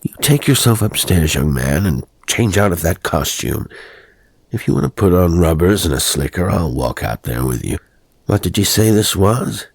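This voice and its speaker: A man's voice: sits low, big pitch swings, moderate pace, gravelly, dry recording, heavily acted. A man voicing a country doctor father who scolds his son firmly but with teasing fondness. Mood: stern.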